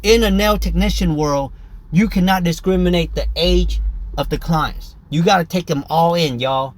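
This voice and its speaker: Man, high voice, brash profane nail tech, dry close sound. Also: normal speed, no echo. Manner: brash, joking, profane, keeps saying "y'all" and "okay". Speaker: nail technician teaching pedicure. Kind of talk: casual tutorial talk to camera.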